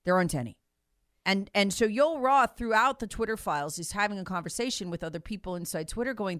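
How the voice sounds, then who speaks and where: A woman's voice: mid-range voice, sing-song, fairly quick, a bit bright, no echo. Emphatic woman, close dry mic. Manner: emphatic, repeats points, acts out others' voices. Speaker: political commentator guest. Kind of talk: animated political talk.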